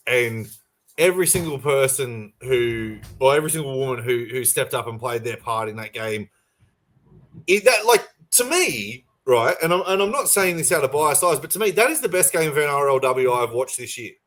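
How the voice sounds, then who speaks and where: A man's voice: medium pitch, expressive, moderate pace, fairly bright tone. A man co-hosting a sports podcast over a remote call, talking passionately and rambling with restarts. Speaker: podcast co-host. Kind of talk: casual sports chat.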